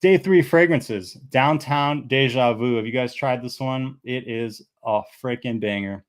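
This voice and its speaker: A man's voice: mid-range voice, unhurried. A man of about thirty reviewing fragrances in a casual, rambling chat, full of fillers and easy enthusiasm.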